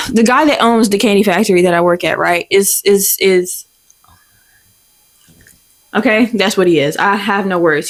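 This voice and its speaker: A young woman in her twenties hosting a podcast, telling a story in a profane, exasperated, animated way. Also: mid-range voice. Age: 20s. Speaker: podcast host. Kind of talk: casual storytelling rant.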